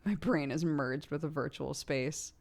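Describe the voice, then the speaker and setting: A woman's voice: low-pitched, fairly even intonation, a little slow, gravelly. A woman in her thirties chatting casually on a livestream, telling stories and laughing often as she acts out quotes. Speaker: streamer.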